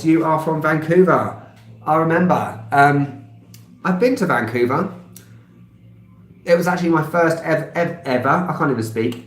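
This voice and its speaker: A man in his thirties with a London accent, chatting casually on a live stream and answering viewers' comments, rambling with many filler sounds and small laughs. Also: medium pitch. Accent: London English. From England. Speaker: travel vlogger. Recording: roomy echo.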